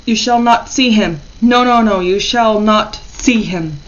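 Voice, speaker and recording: Woman doing a harsh, shrill peasant mother. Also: expressive, moderate pace, dull audio, close to an everyday voice. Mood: screaming fury. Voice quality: harsh voice turning to tearful falsetto. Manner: shrill, screaming and pleading by turns. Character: hulking peasant mother about forty, bitter.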